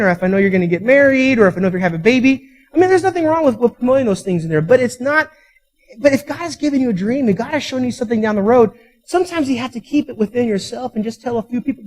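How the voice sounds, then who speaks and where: A man's voice: extremely high pitch, poor audio. A man preaching a sermon as pastor, telling stories with emphatic peaks and acting out quoted voices. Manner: storytelling, acts out quoted voices; emphatic, rising to loud peaks.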